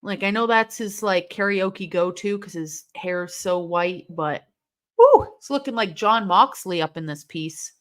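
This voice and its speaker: A young woman hosting a live watch-along stream, reacting aloud to a match with excitable, swearing commentary. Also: mid-range voice, a little slow. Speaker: livestream host.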